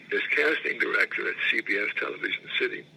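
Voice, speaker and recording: An older man in his eighties recounts his acting days in a gravelly, rough-edged voice with a bright, forward tone. He rambles, circles back to repeat phrases and pauses to clear his throat. A faint hiss of noise sits under the recording. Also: lowish voice, low-quality recording. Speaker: actor recalling his career. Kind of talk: interview anecdotes.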